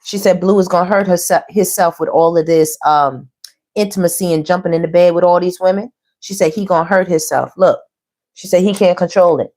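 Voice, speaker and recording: A woman's voice: on the low side, fairly quick. A middle-aged woman, a tarot reader talking casually and animatedly to her viewers and calling them baby and girl. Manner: chatty and animated, calls listeners baby and girl, laughs often.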